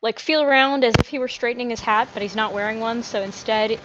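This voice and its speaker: A woman's voice: fairly high pitch, fast talker, highs cut off, background noise. A woman playing a tabletop game, narrating her character's actions in a rambling, hesitant way. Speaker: player.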